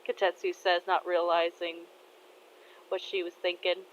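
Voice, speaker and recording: A woman narrates a fan story in a soft, casual, unhurried voice. She talks very slowly at an ordinary pitch, and the recording is muffled, with a faint hum behind. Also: flat delivery.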